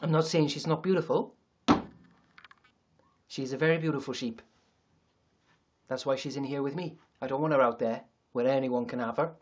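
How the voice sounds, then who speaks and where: A man's voice: mid-range voice, normal speed, long pauses, muffled recording. Rambling joking male streamer. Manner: rambling, joking, self-mocking, swears freely. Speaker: livestream host. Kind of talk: casual comedic livestream chat.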